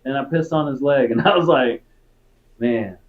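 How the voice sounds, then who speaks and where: A former Marine from Texas tells stories in a casual interview, sounding laid-back and profane and peppering his talk with "dude" and "right?". His voice is mid-range and moderately paced, with phone-quality sound.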